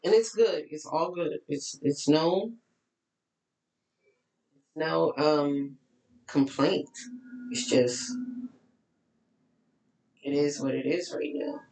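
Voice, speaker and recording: Tired texas lady coach chatting to her followers on her phone, gravelly voice, echoey room. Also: low-pitched, drawn-out words, pauses often, darkish tone. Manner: candid, chatty, preachy asides. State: tired, voice cracking. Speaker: life coach. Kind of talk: casual talk to followers.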